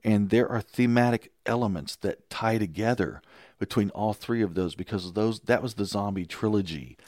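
Low-voiced man telling stories. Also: moderate pace, a little mellow, no echo, clean studio sound. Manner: enthusiastic storyteller, impersonates people in quotes. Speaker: filmmaker. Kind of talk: casual podcast chat.

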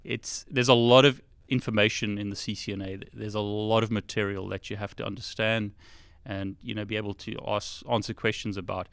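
A man's voice: lowish voice, little pitch movement, brisk, vocal fry, fairly bright tone, clean tone, dry recording. Casting: chatty South African man, co-host, laughs easily, close dry mic. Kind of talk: casual live chat.

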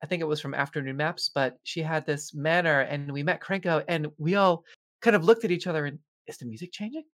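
Casual co-host, mid-pitched voice, lively storyteller who laughs easily. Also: a little fast. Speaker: podcast co-host. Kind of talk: casual chat.

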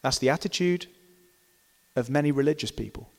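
In a church hall whose long reverb lingers after each word, a middle-pitched male preacher gives an emphatic sermon. He moves a little slowly, shifting from loud, stressed lines to soft, hushed ones.

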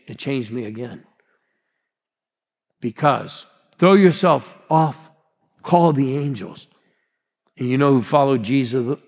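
A man's voice: medium pitch, darkish tone, slightly rough. A man in his sixties preaching a sermon as a pastor, rousing and calling out to the congregation. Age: 60s. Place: large church hall. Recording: long hall reverb.

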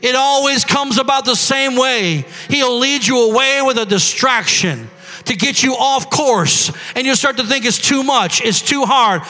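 A man preaching a sermon, building from quiet storytelling to shouted prophecy over the congregation. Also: very high-pitched, measured pace, in a large hall. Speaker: pastor.

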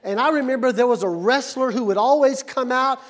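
This male pastor, whose voice is very high for a man, speaks a little fast as he preaches in a church sanctuary, and the recording is very noisy. He goes from calm, steady teaching to shouting with energy in call-and-response with the congregation.

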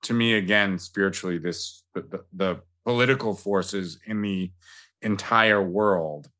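Low-voiced reflective podcast host man. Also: a little slow, sharp tone. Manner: reflective, loose, with fillers and hedging asides. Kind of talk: casual conversational interview.

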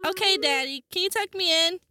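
A man voicing a young girl in a bedtime storybook reading, in a squeaky high falsetto. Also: a little fast, sharp tone, faint music behind, exaggerated voice. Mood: pleading. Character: little girl Louise, young and pleading.

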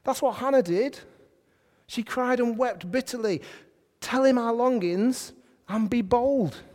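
A man preaching a sermon to a congregation in a lively, conversational way, often putting questions to them. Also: very high voice, unhurried. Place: church hall. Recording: hall reverb.

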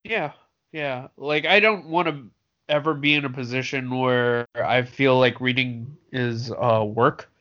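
A man's voice: medium pitch, measured pace, bright, forceful tone. A man co-hosting a podcast in casual chat, dry and wry with mock-formal phrasing. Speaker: podcast co-host. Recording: dull lo-fi sound.

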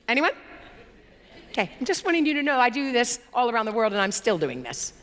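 A woman's voice: a little high, fairly quick. A woman preaching a sermon, telling a story with laughter and acting out the people in it. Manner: animated, laughing, acts out quoted people. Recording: long hall reverb.

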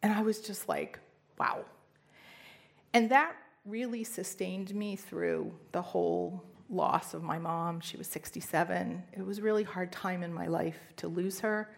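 A woman's voice: on the low side, fairly even intonation, moderate pace, vocal fry, hardly any pauses. A middle-aged woman telling a personal faith story in an earnest storytelling manner, with emphatic rises. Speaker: speaker sharing testimony. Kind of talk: personal testimony talk.

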